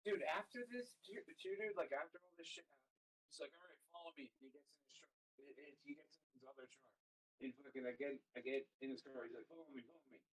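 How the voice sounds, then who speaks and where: A man's voice: on the high side, quick pace, low-quality recording. Rambling, profane man telling a story. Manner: rambling, profane, full of "like" and "dude". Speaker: participant in a live stream chat. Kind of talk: casual storytelling.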